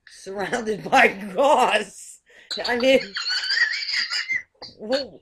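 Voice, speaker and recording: A woman's voice: medium pitch, fairly bright tone. An American woman hosting a casual video call chat, hesitant with many ums and frequent laughs. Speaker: show host.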